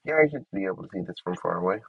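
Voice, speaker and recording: A man's voice: low voice, lively intonation, very fast, gravelly, slightly rough, dry recording, phone-quality sound. A man giving casual commentary to himself while he builds in a game. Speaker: gameplay streamer.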